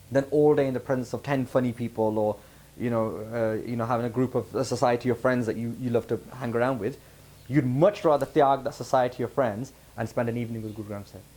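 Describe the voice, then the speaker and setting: A British man, there as a visiting religious speaker, gives a conversational talk in a camp hall with a live audience, regularly asking them questions. His medium-pitched voice is warm and brisk.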